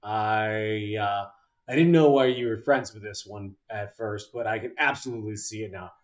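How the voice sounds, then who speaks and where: A man's voice: lowish voice, moderate pace, lightly acted. A man voicing a cheerful, easygoing man who befriends plants, in a tabletop game. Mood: warm. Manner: laid-back and friendly.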